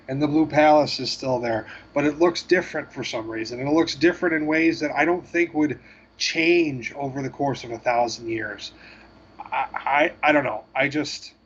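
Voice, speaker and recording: A man co-hosting a gaming podcast, talking in a rambling, halting way with self-deprecating asides. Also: fairly high pitch, a bit bright, breathy edge, highs cut off. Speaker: podcast co-host. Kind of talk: casual chat.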